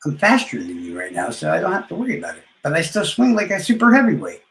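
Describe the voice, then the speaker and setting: A man brags and trash-talks his rivals on a live stream, profane and swaggering. His fairly high voice has a gravelly rasp and sounds roomy and echoey. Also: wildly swooping pitch, quick pace, fairly bright tone. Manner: boastful, profane trash talk with trailing mumbles. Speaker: livestreamer.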